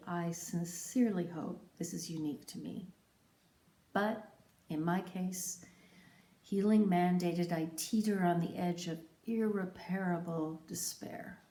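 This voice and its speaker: A woman telling her own story in scripted, reflective narration, with a measured, poetic and emphatic delivery. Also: lowish voice, warm tone. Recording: roomy echo.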